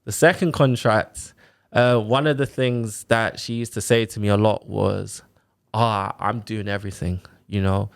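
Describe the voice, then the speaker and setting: Low-voiced man telling his story. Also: measured pace, vocal fry. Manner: animated retelling with quoted exchanges, fillers like "like" and "innit". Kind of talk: casual chat, personal story.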